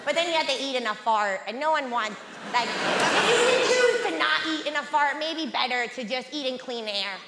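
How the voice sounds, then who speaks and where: High-voiced deadpan woman comic. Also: moderate pace, a loud crowd. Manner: deadpan, repetitive, frank. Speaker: stand-up comedian. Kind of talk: stand-up comedy. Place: large theatre on stage. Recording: echoey theatre hall, loud noise.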